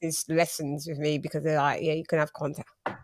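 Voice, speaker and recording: A woman hosting a casual chat, telling lively stories and acting out what people said. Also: low-pitched, fairly quick. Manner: animated, storytelling with quoted voices. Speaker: host.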